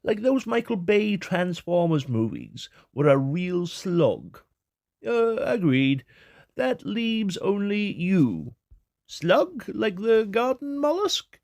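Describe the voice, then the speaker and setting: Guy doing silly high swoopy exec voices, lazy and careless, bit gravelly. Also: very animated, takes it slowly, darkish tone, no echo, studio quality, exaggerated voice. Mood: offhand. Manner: bouncy, offhand, comic. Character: lazy, careless male toy company executives.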